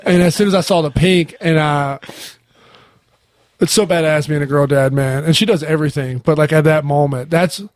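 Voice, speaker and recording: Young man, podcast host, slightly high voice, laid-back and profane, dry close sound. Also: steady tone, moderate pace, no echo. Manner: laid-back, swears freely, says "man" and "bro" a lot. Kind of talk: casual conversation.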